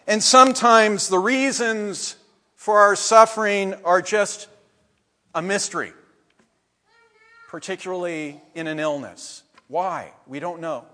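Male pastor, high voice, slow deliberate sermon delivery, big church reverb. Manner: measured preaching, trailing off softly at phrase ends. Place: church sanctuary.

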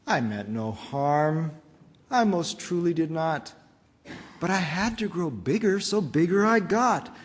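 A man's voice: on the high side, expressive, in a large hall, pitched above the performer's own voice. A man playing a boastful, regretful factory owner. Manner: rhyming storybook narration, slow and dramatic. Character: greedy male factory owner, regretful storyteller.

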